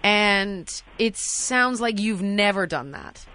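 A woman in her thirties hosting a call-in advice show, talking gently and soothingly to a caller she calls sweetie. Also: medium pitch, animated, takes it slowly, clean tone. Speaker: host.

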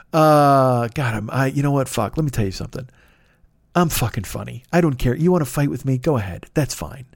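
A man's voice: fairly high pitch, lively intonation, normal speed, no echo, clean studio sound. A man hosting a podcast, ranting in an angry, sarcastic way and swearing constantly. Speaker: podcast host. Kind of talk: profane comedic rant.

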